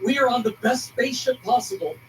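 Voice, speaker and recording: Guy reporter moved on live tv, really high voice, far off and noisy. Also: fairly even intonation, quick pace. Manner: emotional, reflective. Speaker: news correspondent. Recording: TV audio taped from a distance, noisy.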